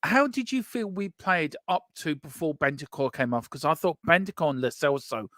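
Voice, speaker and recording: A man co-hosting a live fan stream, animated and opinionated as he questions guests. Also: fairly high pitch, normal speed, no room sound, clean studio sound.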